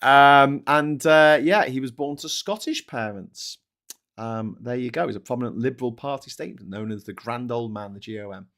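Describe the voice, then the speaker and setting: A man's voice: medium pitch, normal speed, fairly bright tone. A man from Liverpool with a Scouse accent, hosting a casual live-stream chat in a rambling, chatty way. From Liverpool, England. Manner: rambling, chatty, frequent fillers and laughs.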